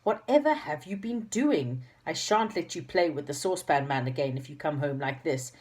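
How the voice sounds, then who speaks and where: A woman's voice: low-pitched, lively intonation, normal speed, darkish tone. A woman reading aloud, voicing an exasperated mother who scolds her children in a raised voice. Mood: scolding. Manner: exclaiming, scolding. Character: fretful mother of a poor country family.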